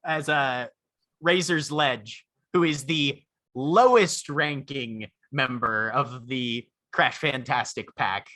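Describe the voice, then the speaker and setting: A man's voice: medium pitch, slow, pushed and bright, no echo. A man narrating as game master for a tabletop game, loose and profane, often laughing.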